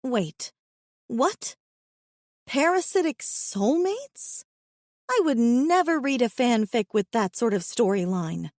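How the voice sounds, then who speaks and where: A woman narrating a first-person romance audiobook, expressive with a wry inner voice. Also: a little high, no room sound, clean studio sound.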